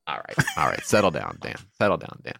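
A man's voice: rumbling low, huge pitch swings, quick pace, creaky, pushed and bright, no room sound. Male comedy co-host, wry and rambling, bouncy delivery, dry studio sound. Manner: wry, rambling, stumbles over words. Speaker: podcast co-host. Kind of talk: casual comedic banter.

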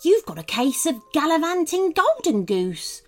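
A woman's voice: high voice, big pitch swings, unhurried, soft background music, voice pushed up. A woman voicing a cheerful, helpful talking duck in a storybook.

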